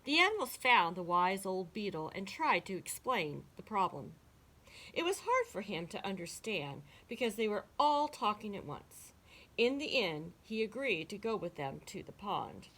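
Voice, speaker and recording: A woman teacher reading picture books aloud to children in a slow, expressive storytelling voice. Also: medium pitch.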